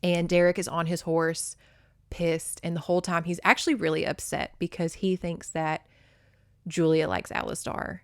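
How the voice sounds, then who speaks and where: A woman's voice: lowish voice, fairly even intonation, normal speed, creaky, no echo, clean studio sound. A woman hosting a podcast, recapping a romance novel in a chatty, profane way with lots of fillers. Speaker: podcast host. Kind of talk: casual book recap.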